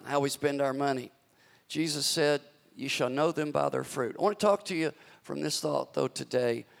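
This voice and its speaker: Gravelly preacher in a reverberant hall. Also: male voice, on the high side. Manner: preaching with dramatic emphasis on scripture, drawn-out phrases. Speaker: pastor. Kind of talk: sermon. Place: church sanctuary.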